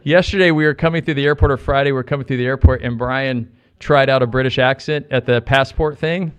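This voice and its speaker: A middle-aged American man preaches a sermon. He sits in a mid range for a man's voice, and he is animated, joking with the congregation and repeating short phrases to drive each point home. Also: medium pitch, fast talker, clear, resonant tone. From United States. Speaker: pastor.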